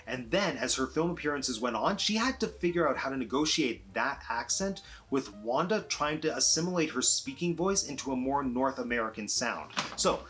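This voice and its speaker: A man's voice: mid-range voice, animated, moderate pace, few pauses, fairly bright tone. A man talking through a TV series review in a chatty vlog, eager and gushing, with sudden emphatic lifts on the words he loves. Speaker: film and TV reviewer.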